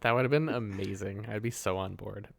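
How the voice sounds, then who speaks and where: A man's voice: on the low side, brisk, gravelly, fairly bright tone, no echo. A man co-hosting a podcast in casual chat, giving dry, wry reactions. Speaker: podcast co-host.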